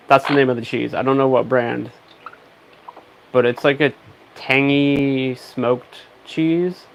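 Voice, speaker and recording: A man hosting a casual livestream from home, taking his time between words. His voice sits a little high and has a gravelly edge. Steady noise and bird squawks run behind him. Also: takes it slowly. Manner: soothing, coaxing talk to a pet bird. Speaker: pet parrot owner streaming.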